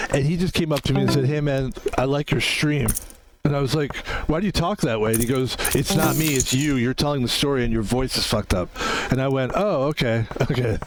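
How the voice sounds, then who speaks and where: A man's voice: mid-range voice, slight background noise. A man streaming a poker game, chatting in a rambling way, swearing freely and calling out his own name as he plays. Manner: chatty, rambling, swears freely, talks about himself in third person. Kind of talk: casual gameplay commentary. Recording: music playing behind the voice.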